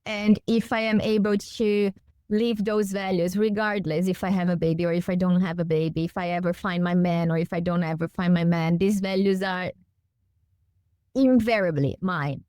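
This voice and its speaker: A woman's voice: on the low side, fairly even intonation, normal speed, warm tone, dry recording. A woman guest on a podcast, speaking earnestly and emphatically, building her points with repeated phrases. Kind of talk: heartfelt conversational podcast talk.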